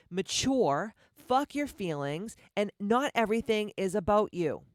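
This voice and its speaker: Deep-voiced woman ranting bluntly. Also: dry recording, studio quality. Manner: blunt, profane and confrontational; repetitive rhetorical questions. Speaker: podcast host. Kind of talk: motivational podcast rant.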